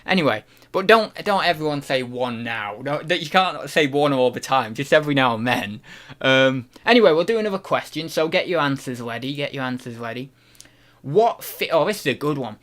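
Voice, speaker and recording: Casual British male streamer, mid-range voice, chatty and unsure, thinks out loud while reading the chat. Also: medium pitch, lively intonation, a little fast. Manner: rambling, unsure, thinks aloud with many restarts. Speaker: host reading live chat questions.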